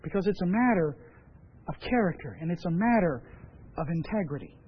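A high-pitched male pastor delivers a sermon in an emphatic, measured way, leaning on repeated phrases. The sound is dull and lo-fi, as if from a radio broadcast. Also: expressive, slightly rough.

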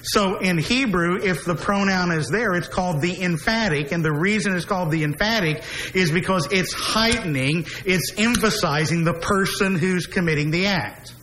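A man preaching an expository sermon who slows down and stresses key phrases, dropping his voice low on repeated refrains. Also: pushed and bright, poor audio.

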